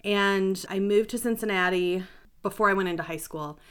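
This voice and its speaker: A woman's voice: mid-range voice, moderate pace, fairly bright tone, clear, resonant tone. A middle-aged woman, a health and life coach, telling her story in a chatty, rambling, self-deprecating way as a podcast guest. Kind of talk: casual interview storytelling.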